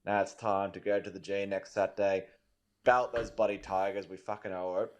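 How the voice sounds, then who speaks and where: A man with an Australian accent leaving an excited, sweary voice message about his team. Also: deep voice, fairly quick. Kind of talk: recorded fan voice message.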